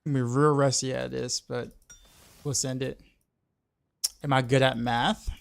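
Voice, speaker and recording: A man's voice: mid-range voice, little pitch movement, moderate pace, vocal fry, clean tone. A man streaming a game, chatting casually and rambling with lots of filler words. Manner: rambling, many "like" fillers and repeats. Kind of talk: casual livestream chat while gaming.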